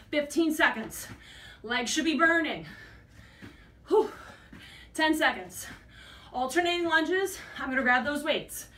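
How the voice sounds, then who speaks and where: A woman's voice: high-pitched, fairly bright tone, slight background noise. A woman fitness instructor leading a workout class, out of breath and encouraging as she counts reps while exercising. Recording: echoey room, mic at a distance.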